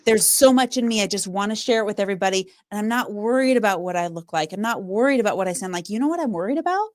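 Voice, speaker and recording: A woman who works as a public speaker and trainer, telling stories in an emphatic, animated way during a podcast interview. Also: medium pitch, fast talker, no room sound, clean studio sound.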